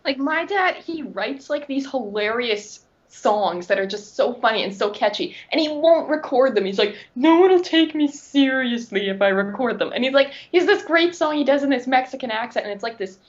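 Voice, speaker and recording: A woman tells animated stories in casual podcast chat. Her voice sits fairly high, and a muffled, lo-fi recording softens it. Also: brisk, hardly any pauses. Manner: animated storyteller. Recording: dull lo-fi recording.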